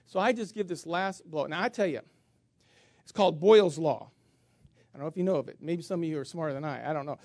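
A middle-aged man preaching, telling a story on himself with big swings between loud outbursts and quiet asides. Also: a little high, fast, dry recording, studio quality. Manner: animated, self-mocking storyteller with voice swings. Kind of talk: sermon storytelling.

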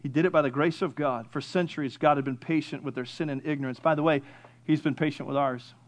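High-voiced fervent preacher man in his 50s. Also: steady tone, quick pace. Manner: fervent preaching, swinging from soft to loud. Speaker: pastor. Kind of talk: sermon.

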